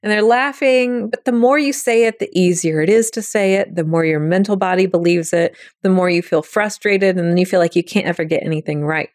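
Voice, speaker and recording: A woman's voice: lowish voice, fairly quick, hardly any pauses, darkish tone, no room sound, clean studio sound. A woman hosting a podcast, teaching in a casual, chatty way and acting out quoted thoughts in little voices. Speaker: podcast host. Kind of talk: casual spiritual teaching talk.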